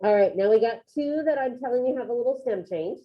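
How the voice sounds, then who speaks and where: A woman's voice: fairly high pitch, lively intonation, fast talker. A woman teaching a Spanish class over a video call, upbeat and encouraging as she calls on students by name. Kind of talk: online classroom lesson. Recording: tinny phone-like video call audio.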